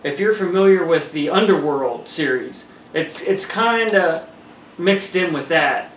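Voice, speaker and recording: A man hosting a casual home movie review, chatting in a relaxed way and laughing between points. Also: on the high side, measured pace. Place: room at home by a table. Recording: roomy echo, mic far off, faint hiss.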